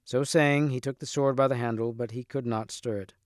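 A man reading a storybook aloud with steady, clear narration. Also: medium pitch, fairly quick, no echo, studio quality. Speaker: reader.

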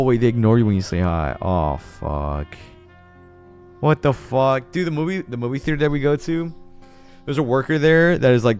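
A man's voice: medium pitch, darkish tone, smooth. A young man streaming a game live, chatting casually, swearing a lot and laughing often. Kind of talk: casual live-stream chat while gaming.

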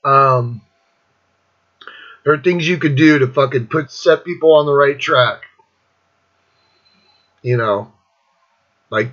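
A man's voice: medium pitch, takes it slowly, pauses often, a bit bright, highs cut off. A man in his fifties hosting a casual rant, blunt and profane, rambling between thoughts. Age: 50s. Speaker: host.

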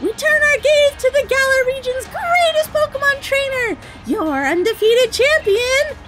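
A woman's voice: extremely high pitch, animated, a little slow, over loud music, pitched above the performer's own voice. A woman reading as a grand game announcer. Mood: proclaiming.

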